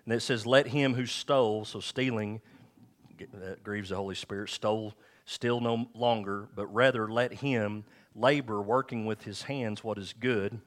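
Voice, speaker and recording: A middle-aged man preaching a sermon in a church, talking candidly and with self-deprecating humor, and slowing down to read scripture aloud. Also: lowish voice, fairly bright tone. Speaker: pastor.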